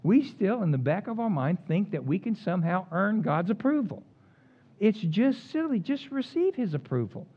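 A male pastor preaching a sermon in a folksy, animated way, swinging from loud emphatic lines to hushed, low asides. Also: normal speed, muffled recording.

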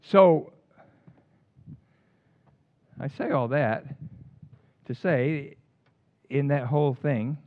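An older man preaching a sermon in an animated storytelling way, with casual slang. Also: mid-range voice, very slow, pauses often, no room sound. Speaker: pastor. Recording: dull lo-fi dry recording.

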